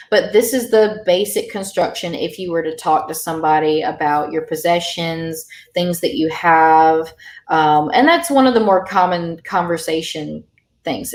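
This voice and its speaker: A woman's voice: on the low side, reverberant. A woman teaching an online language lesson over a video call, explaining patiently with many fillers.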